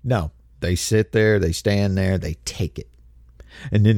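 Speaking in a lowish, expressive, creaky voice at a moderate pace, a male commentator rants heatedly and emphatically, mimicking others mockingly. Worked up, he trips over repeated words and keeps restarting. The studio-quality audio has no room sound.

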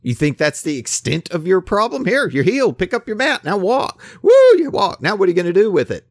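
A preacher putting on a brisk, challenging Jesus. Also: male voice, fairly high pitch, lively intonation, dry recording, voice pushed up. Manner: raised, emphatic, questioning delivery.

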